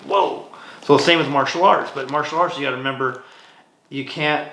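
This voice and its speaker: A man's voice: mid-range voice, normal speed. A man, a martial arts instructor, telling stories as a podcast guest and acting out the dialogue in quoted voices. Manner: animated storyteller, acts out dialogue in quoted voices. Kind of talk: casual interview storytelling. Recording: roomy echo, faint noise.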